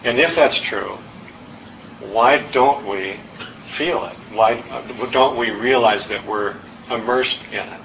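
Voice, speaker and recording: A middle-aged man giving a dharma talk at a meditation center, telling stories in a self-deprecating, unhurried way. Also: medium pitch, creaky. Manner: warm, self-deprecating storytelling with pauses. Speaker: guest dharma teacher. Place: meditation hall. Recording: distant, dull room recording with faint noise.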